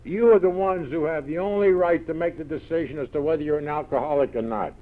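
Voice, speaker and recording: A man with a New York accent telling gruff, punchy stories to a meeting audience, full of quoted one-liners. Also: fairly high pitch, fast talker, slight background noise. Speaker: recovery meeting speaker. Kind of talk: storytelling talk to an audience. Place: large event hall. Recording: tinny old 1970s tape recording.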